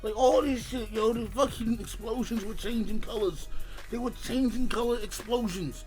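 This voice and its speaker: A young man hosting an anime reaction channel, ranting casually in profane slang and breaking into shouts and laughs. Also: very high voice, normal speed, music in the background. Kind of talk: casual reaction review rant.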